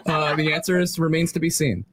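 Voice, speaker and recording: A man's voice: on the high side, fairly quick, a crowd in the background. A man speaking as a podcast guest, brash and teasing, confident in casual debate.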